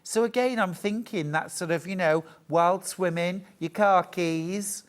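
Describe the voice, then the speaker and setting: A woman's voice: on the low side, a little slow, few pauses. A middle-aged woman presenting crafts on a shopping channel, chatty, jokey and upbeat as she demonstrates products live.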